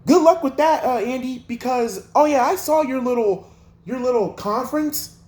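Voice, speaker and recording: A man's voice: extremely high pitch, normal speed, a little mellow, echoey room. A man hosting a sports livestream, ranting in an exasperated, profane way with lots of rhetorical questions. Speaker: sports channel host.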